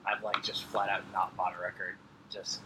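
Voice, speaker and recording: Brief: wry co-host with a bright, crisp voice and faint background hiss. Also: low-pitched, little pitch movement, rough recording. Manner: wry, quick to laugh. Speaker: podcast co-host. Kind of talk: casual chat.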